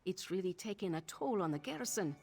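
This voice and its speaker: An actress voicing a weary woman guard of an undersupplied garrison in a video game, with a flat, uneven delivery over faint game music. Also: fairly low pitch, a little fast, husky, exaggerated voice. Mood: worried.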